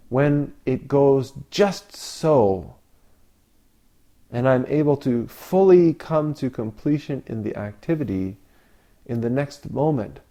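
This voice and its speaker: Slow, reflective male Zen teacher. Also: medium pitch, dark tone. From Canada. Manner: slow, reflective, with long pauses and rhetorical questions. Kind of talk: dharma talk.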